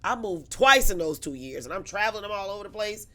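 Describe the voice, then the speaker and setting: A woman guest telling a story in casual chat, animated and profane, acting out the people she quotes. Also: mid-range voice, fast.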